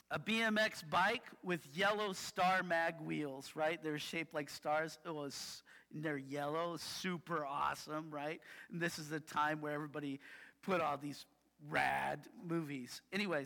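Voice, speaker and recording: A male pastor with a high, bright, forward voice preaches a sermon full of personal stories in a casual, chatty style. He keeps tacking "right?" onto his lines, and his voice echoes long through a large, reverberant hall.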